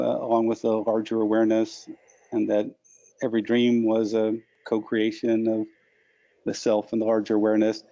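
Gravelly man stammering through stories. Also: fairly low pitch, mellow, no room sound, muffled recording. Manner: stammers and repeats words often. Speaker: interview guest, lucid dreaming author. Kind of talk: reflective storytelling.

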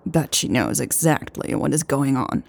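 A woman voicing a hot-tempered, protective young man who talks gruffly and threateningly in an audiobook. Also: lowish voice, steady tone, normal speed, a little mellow.

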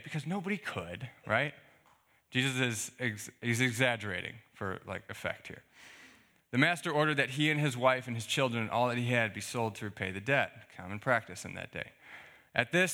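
A male pastor giving a conversational sermon, reading scripture and explaining it with rhetorical questions. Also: mid-range voice. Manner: conversational, animated preaching with fillers and rhetorical questions.

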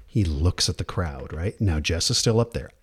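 A man on a casual podcast telling an animated story, acting out the people in it and laughing often. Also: low-pitched, moderate pace, slightly rough. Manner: acts out quoted voices, laughs often, restarts. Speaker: podcast co-host.

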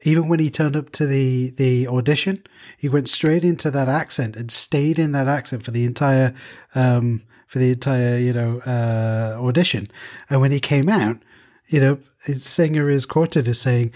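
A man's voice: mid-range voice, fairly even intonation, moderate pace, a little mellow. A man in a casual chat who tells a long, rambling story full of fillers and self-corrections.

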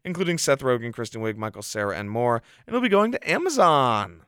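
A man hosting a casual podcast, chatting and reading out news in an animated way, with plenty of "like". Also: mid-range voice, a little fast, clear, resonant tone, dry recording, clean studio sound. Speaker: podcast host.

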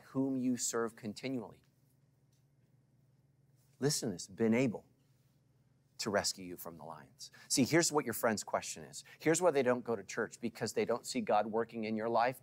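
A middle-aged male pastor preaching to a congregation, swinging from loud calls to hushed asides and asking for responses. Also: on the low side, moderate pace. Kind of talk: sermon.

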